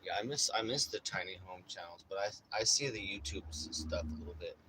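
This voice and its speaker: Bright-voiced rambling man vlogging. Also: deep voice, brisk, a little hiss or hum, rough recording. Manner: rambling, animated when acting out stories, swears freely. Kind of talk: casual chat. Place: inside his RV.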